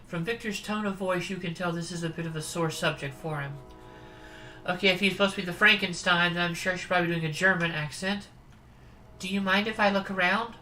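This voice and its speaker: Bright-voiced woman streaming a dating sim. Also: on the low side, quick pace, a little hiss or hum, poor audio. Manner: chatty, amused asides. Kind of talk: reading a dating sim aloud.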